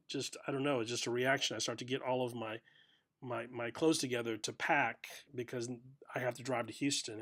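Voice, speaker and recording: Gentle reflective man preaching. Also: medium pitch. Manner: gentle, reflective storytelling with pauses and fillers. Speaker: pastor. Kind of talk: short sermon podcast.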